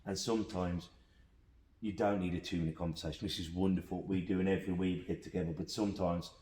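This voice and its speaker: Brief: low-pitched male host with a Black Country accent, earnest, in a roomy space. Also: fairly even intonation, fast talker, warm tone. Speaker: podcast host. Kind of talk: casual podcast chat. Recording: roomy echo.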